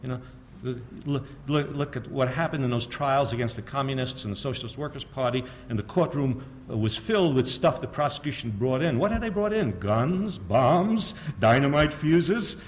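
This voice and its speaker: A man's voice: mid-range voice, animated, normal speed, hardly any pauses, slight background noise. An older man giving a public lecture, telling a story with sardonic humor and rhetorical questions to the audience.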